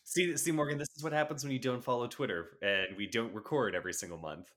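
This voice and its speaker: A man's voice: medium pitch, fast talker, fairly bright tone. A man co-hosting a podcast, reading news items aloud with sarcastic, wry asides in a casual chat. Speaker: podcast co-host.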